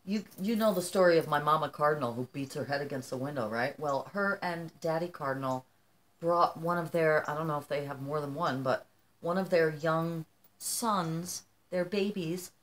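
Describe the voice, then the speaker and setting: A woman in her fifties chatting casually to her viewers at home, animated and talkative, often calling them "you guys". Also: low-pitched, moderate pace. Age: 50s. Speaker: vlogger. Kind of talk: casual chat to camera.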